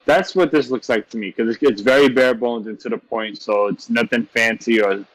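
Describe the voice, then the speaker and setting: A man's voice: mid-range voice, normal speed, no echo, poor audio. A man co-hosting a casual manga podcast, laid-back and slangy, often checking in with "you know what I'm saying.". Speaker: podcast co-host. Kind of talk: casual manga review chat.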